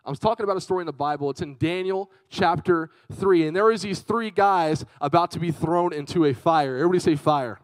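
Lively young man preaching to kids. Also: fairly high pitch, fairly quick, few pauses, no echo. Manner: lively, chatty, calls out to the audience. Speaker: youth speaker. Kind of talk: youth sermon with personal storytelling.

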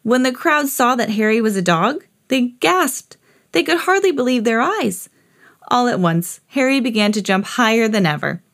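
A woman hosting a podcast, reading a children's picture book aloud in an expressive storytelling voice. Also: moderate pace. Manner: expressive, jumps high for quoted characters. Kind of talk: read-aloud storybook narration.

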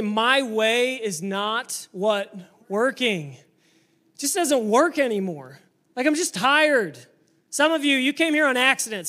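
A man preaching a sermon to a church congregation, energetic and emphatic, sometimes building up to shouting. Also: very high voice. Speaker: pastor.

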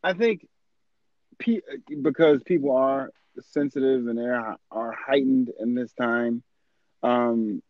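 A man's voice: medium pitch, slow pace, no room sound, muffled recording. A young man in casual chat, talking frankly and emphatically, repeating words for stress.

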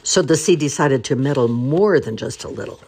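Husky-voiced grandma reading picture books. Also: female voice, extremely low pitch, normal speed. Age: older. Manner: expressive, playful. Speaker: storyteller grandmother.

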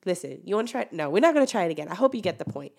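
A young woman delivers a casual opinion monologue as host, her voice sitting slightly low for a woman. She talks in an animated, preachy way and jumps to loud emphatic peaks. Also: rapid-fire.

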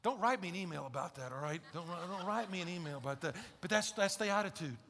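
Gravelly, bright-voiced preacher in a hall. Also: male voice, sits high, expressive, fast, a little hiss or hum. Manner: conversational, emphatic, swinging from loud to hushed. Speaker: pastor. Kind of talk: sermon. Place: large church sanctuary. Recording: long hall reverb in a church.

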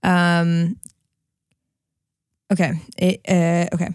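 A woman's voice: on the low side, completely flat delivery, very slow, a little mellow, clean tone, dry recording. Young woman, podcast co-host, playful, teasing, dry close mic. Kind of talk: casual chat.

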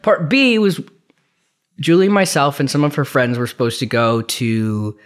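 A man's voice: mid-range voice, a little slow. A young man co-hosting a podcast, telling a long story in casual chat, rambling with restarts and swearing freely. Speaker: podcast co-host.

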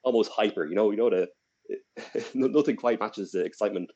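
A man's voice: lowish voice, brisk, warm tone, husky, highs cut off. A young Irish man co-hosting a podcast, telling a long story in a rambling, casual way with many restarts. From Ireland. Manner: rambling, with frequent restarts and fillers. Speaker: podcast co-host.

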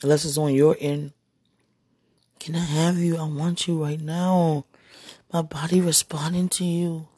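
A woman speaking an intimate spoken monologue, breathy and husky, often dropping into whispers and sighing exclamations. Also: deep voice, fairly even intonation, unhurried, dark tone, no room sound. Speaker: podcast speaker.

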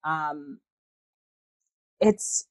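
Female actor as guest, casual chat, lower voice, dry close sound, lively with quick asides. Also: dry recording, low-quality recording. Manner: animated storyteller, laughs, puts on voices. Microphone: video call.

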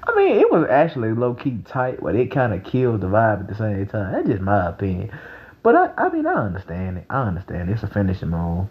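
Brief: young male vlogger, excitable and profane, swooping pitch, dull lo-fi mic. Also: fast talker. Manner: animated and excitable, profane, laughs loudly. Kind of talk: casual rambling monologue.

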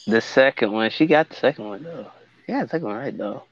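A young man from Alabama with a Southern accent, chatting casually on a podcast, excitable, laughing often and jumping into high shouts. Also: fast, no echo. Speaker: podcast co-host. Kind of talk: casual chat. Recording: dry dull lo-fi mic.

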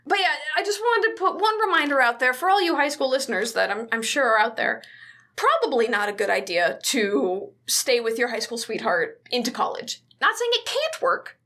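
A woman co-hosting a podcast, recapping a movie in casual chat, animated and cursing freely with jokey asides. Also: sits high, moderate pace. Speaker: podcast co-host.

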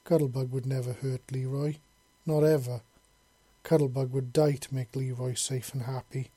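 A man voicing a huge, gentle alien woman who talks in simple broken English and calls herself by name. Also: mid-range voice, flat delivery, moderate pace, slightly rough, no echo, close to an everyday voice. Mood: earnest.

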